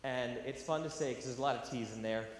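At a large university hall, a young Californian man who does educational theatre gives a live audience an earnest, emphatic talk with some self-deprecating humor. His medium-pitched voice moves quickly. The distant mic picks up an echoey room and faint noise.

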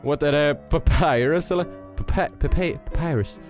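A man commenting excitedly while playing a game and reading its text aloud. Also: a little high, normal speed. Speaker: let's play youtuber. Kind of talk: gaming commentary. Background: game music.

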